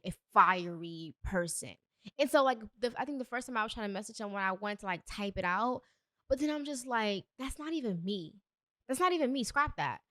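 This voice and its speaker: A woman's voice: mid-range voice, a bit bright, no room sound, clean studio sound. A young adult woman hosting a solo podcast, talking earnestly and a bit preachy, with emphatic bursts. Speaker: podcast host. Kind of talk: solo motivational podcast talk.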